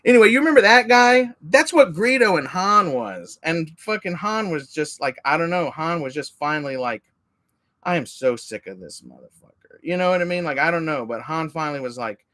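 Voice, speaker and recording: A man's voice: a little high, fairly quick, hardly any pauses, dry recording. A male streamer talking into his mic in a rambling, casual chat, swearing a lot and drifting from one aside to the next. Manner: profane, rambling, animated asides.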